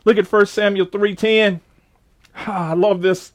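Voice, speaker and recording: A man's voice: high-pitched, steady tone, moderate pace. A man preaching a sermon fervently, often restarting with repeated words.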